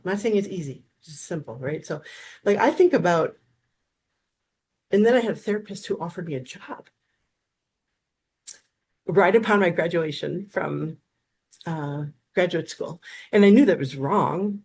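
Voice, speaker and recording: A woman's voice: fairly low pitch, a little slow, long pauses, slight background noise. A woman in her fifties, a therapist, telling stories in a casual interview, full of restarts and acted-out dialogue. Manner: animated, acts out quoted dialogue, frequent restarts. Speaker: therapist, guest.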